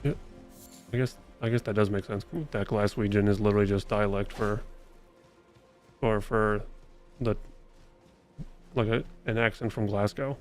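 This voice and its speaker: A man's voice: on the low side, steady tone, moderate pace, long pauses, faint music behind. A man streaming a video game live, chatting casually and a bit profanely with his viewers as he plays, rambling from thought to thought. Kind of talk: casual live-stream chat while gaming.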